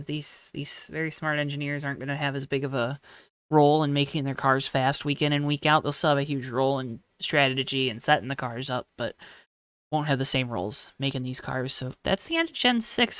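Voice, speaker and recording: Young male podcast host, bright clear voice, rambling explainer, dry close mic. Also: mid-range voice, no room sound. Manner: rambling, lots of ums, explains at length. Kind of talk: casual chat.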